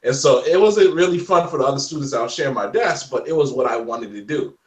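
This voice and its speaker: A man in his forties telling stories in a casual interview chat, animated and laughing often. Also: medium pitch, fast talker, echoey room, recorded from a distance. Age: 40s. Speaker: guest.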